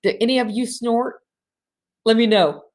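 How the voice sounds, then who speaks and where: A woman hosting a live online session from home. She talks in a bubbly way, laughs often, speaks straight to her listeners and slows to a soft voice when guiding a breathing exercise. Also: a little high. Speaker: host of an online women's gathering. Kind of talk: live-streamed coaching talk with guided breathing.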